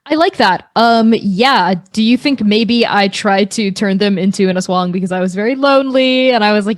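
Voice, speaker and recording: Woman player, mid-pitch, casual and rambly, dry close recording. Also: no room sound. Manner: loose, rambling, quick to laugh. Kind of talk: casual tabletop play.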